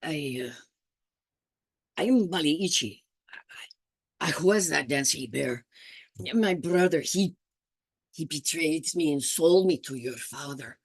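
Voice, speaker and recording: A woman's voice: low-pitched, lively intonation, takes it slowly, long pauses, slightly rough, no room sound, pitched below the performer's own voice, exaggerated voice. A woman voicing an ashamed young man who was once a dancing bear.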